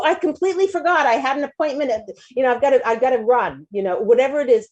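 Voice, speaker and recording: Hosting a talk show, a woman hands out casual advice with lots of animation. She often restarts her sentences and acts out quotes in a higher voice.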